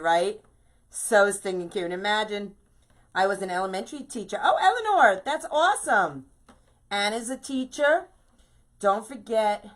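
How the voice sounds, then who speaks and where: A woman's voice: mid-range voice, fairly bright tone. A woman from New York hosting a live craft stream, chatting bubbly and casual and greeting viewers by name.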